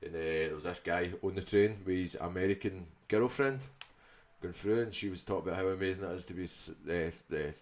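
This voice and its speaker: A man's voice: low voice, a little fast. Sweary Glaswegian man telling stories. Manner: sweary storytelling banter. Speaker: podcast co-host. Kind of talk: casual chat.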